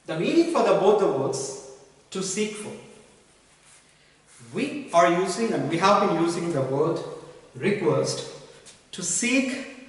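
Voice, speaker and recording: A male teacher, his voice sitting a little high. He repeats key words and example sentences slowly, heard from some distance in a strongly echoing room with a long reverb tail. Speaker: English teacher. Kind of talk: spoken English lesson. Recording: echoey room, voice from far off.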